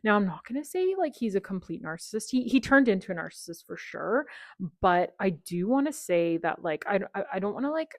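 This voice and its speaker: A woman in her thirties, a podcast guest telling a personal story in a candid, animated way, acting out quoted dialogue and saying "like" often. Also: mid-range voice, a little fast, dry recording, clean studio sound.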